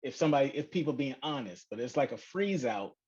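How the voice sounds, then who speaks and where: A man co-hosting a podcast, talking in a loose, conversational way with drawn-out phrasing. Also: mid-range voice, expressive, darkish tone, husky. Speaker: podcast co-host. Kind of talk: casual chat. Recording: dull lo-fi podcast audio.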